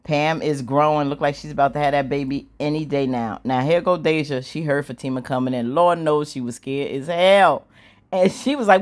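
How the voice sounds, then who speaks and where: A woman casually recapping a TV drama episode, animated and slangy, acting out the characters' lines. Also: low voice, moderate pace. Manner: animated, slangy storytelling with squealing acted-out quotes and laughs. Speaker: show recap host.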